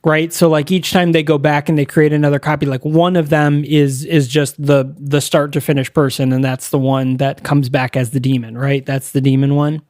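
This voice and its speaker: A man's voice: a little high, little pitch movement, moderate pace, few pauses, a little mellow, no room sound, studio quality. A man co-hosting a podcast, recapping a movie in a rambling, casual way, swearing and laughing often. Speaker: podcast co-host.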